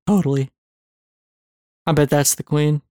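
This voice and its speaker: A man's voice: fairly high pitch, steady tone, unhurried, mellow, no room sound, studio quality. A man chatting casually and cracking jokes while reacting to a movie. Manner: laid-back, swearing, wisecracking.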